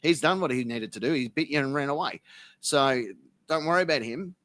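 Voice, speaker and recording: A man's voice: on the high side, brisk, no echo. Swearing Australian man, dry sound. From South Melbourne, Australia. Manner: swearing, deadpan tall tales. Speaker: interview guest. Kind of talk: casual podcast chat.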